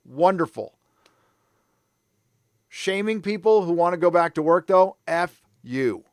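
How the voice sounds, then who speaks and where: A man's voice: high voice, expressive, slow pace, clear, resonant tone, no echo, clean studio sound. A middle-aged man hosting a live stream, ranting angrily and swearing a lot while reading viewer comments. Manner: angry, profane, ranting. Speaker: live show host.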